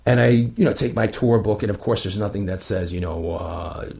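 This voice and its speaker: A man's voice: on the low side, normal speed, creaky. A man telling a ghost-hunting story in a rambling, casual way, full of fillers. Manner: rambling, many fillers, animated retelling. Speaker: guest paranormal investigator.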